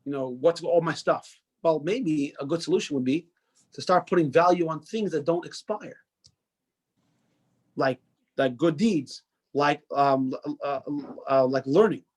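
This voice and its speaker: A man with a somewhat high voice teaches a religious class at a measured pace, leaving long pauses. His informal, conversational lecture often restarts sentences and poses questions to the students.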